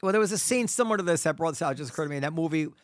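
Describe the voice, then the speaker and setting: Middle-aged host, slightly high male voice, dry mic, halting and musing. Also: animated, smooth, dry recording. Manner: thinking aloud, halting, many restarts. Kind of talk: casual chat.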